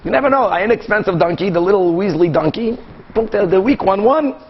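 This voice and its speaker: High-voiced animated rabbi teaching Talmud. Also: male voice, breathy edge, dull audio. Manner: animated, acts out both sides of cases with quick back-and-forth. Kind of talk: Talmud class lecture.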